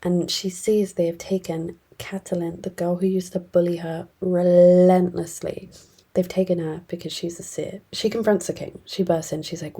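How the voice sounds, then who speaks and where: A woman casually retells a fantasy novel's plot for her video review, chatty and blunt, scattering fillers as she talks. Her voice sits low and husky. The tone is mellow and relaxed. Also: normal speed. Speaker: book reviewer.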